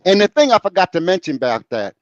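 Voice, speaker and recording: A man's voice: high-pitched, huge pitch swings, normal speed, dry recording, dull audio. A man hosting a casual talk show, telling stories, acting out quotes and swearing freely. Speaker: host. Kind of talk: casual chat and storytelling.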